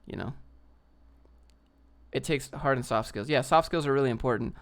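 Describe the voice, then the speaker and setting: A man's voice: mid-range voice, normal speed. A man hosting a casual livestream, reading chat questions aloud and answering in a rambling, joking way.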